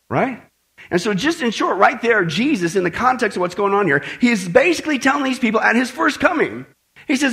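A man's voice: extremely high pitch, sing-song, fast, a bit bright. A man preaching a sermon, speaking emphatically and checking in with his listeners often. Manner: emphatic, talks straight to the congregation with frequent "right?" and "folks". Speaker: pastor.

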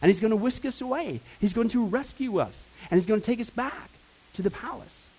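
Middle-aged male preacher with a high voice, chatty and excitable from the pulpit. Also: a little fast, breathy edge, rough recording. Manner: energetic, conversational, swings from quiet asides to loud emphasis. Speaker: pastor. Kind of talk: sermon. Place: church sanctuary.

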